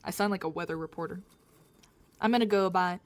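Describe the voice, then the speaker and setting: A woman's voice: on the low side, fairly quick. A woman livestreamer chatting casually with her viewers in a rambling, self-mocking way. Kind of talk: casual chat with stream viewers.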